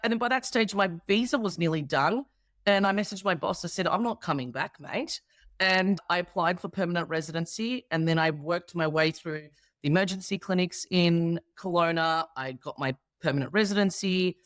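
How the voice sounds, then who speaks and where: A woman's voice: lowish voice, normal speed, dry recording, clean studio sound. An Australian woman in her thirties, a guest comedian in a casual interview chat, telling stories with animation and acting out the people she quotes.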